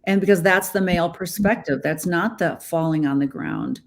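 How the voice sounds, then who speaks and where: A woman's voice: lowish voice, moderate pace. A woman speaking wryly and with animation in a casual panel discussion. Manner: wry, animated, mocking mimicry. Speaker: podcast panelist.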